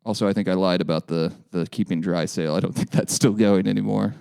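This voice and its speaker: Smooth-voiced man, dry close sound. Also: deep voice, fairly even intonation, quick pace, darkish tone, dry recording. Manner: joking, self-correcting. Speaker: podcast co-host. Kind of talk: casual news chat.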